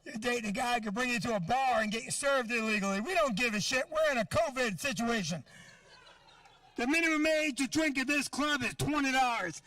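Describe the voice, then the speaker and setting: A man's voice: very high-pitched, a little fast, fairly bright tone, no echo, far from the mic. A middle-aged man doing a stand-up set in a comedy club, brash and profane as he teases the crowd. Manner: brash, profane, teasing the audience.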